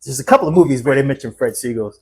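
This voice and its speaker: A middle-aged man telling a long, profane story as a podcast guest, animated and full of restarts. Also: medium pitch, racing, husky. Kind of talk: casual storytelling.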